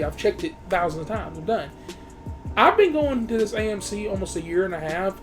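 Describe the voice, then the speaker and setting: Guy going off on a swear-filled rant at the camera, super heated, faint music behind. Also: high voice. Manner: heated, swears heavily, talks straight to viewers. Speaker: movie reviewer. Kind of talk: profane ranting monologue.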